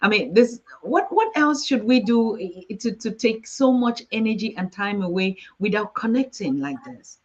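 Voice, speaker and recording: A woman hosting a live show, effusive and halting, restarting her sentences often. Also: medium pitch, big pitch swings, a little mellow. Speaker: host. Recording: dull, lo-fi sound.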